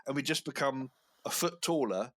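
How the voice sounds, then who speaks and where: A man's voice: medium pitch, expressive, normal speed. A man in his twenties co-hosting a podcast in casual chat, telling self-mocking jokey stories. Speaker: podcast co-host.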